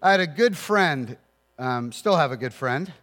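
A man's voice: fairly high pitch, expressive, a little slow, a bit bright. A man preaching a sermon as pastor, earnest, with storytelling asides. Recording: long reverb of a large hall.

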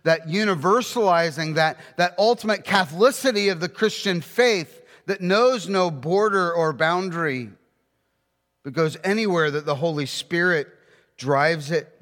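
Guy preaching a sermon, kinda high pitched, punchy questions, big echoey church sound. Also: fairly bright tone. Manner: emphatic, rhetorical questions, slows for scripture.

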